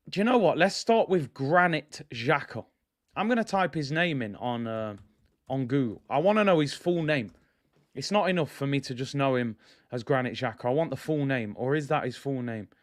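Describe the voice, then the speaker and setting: A man hosts a football fan vlog. His voice sits a bit high, and he talks bluntly and passionately, hammering points home by repeating them. He keeps turning to his viewers and calling them "people.". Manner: addresses viewers directly as "people". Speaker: football fan channel host. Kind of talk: ranting fan reaction vlog.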